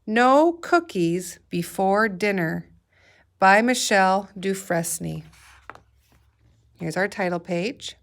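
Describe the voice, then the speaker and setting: A woman's voice: mid-range voice, expressive, slow, long pauses. A woman teacher leading a guided reading lesson for young children, patiently sounding out letters and words.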